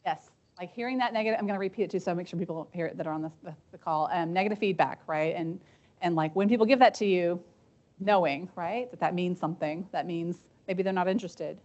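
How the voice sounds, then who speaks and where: A woman gives a conference breakout talk with audience discussion, chatty and anecdotal, often checking in with "right?" and "um." Her voice is lowish and a little mellow, and she speaks fast. It is a dull lo-fi conference recording.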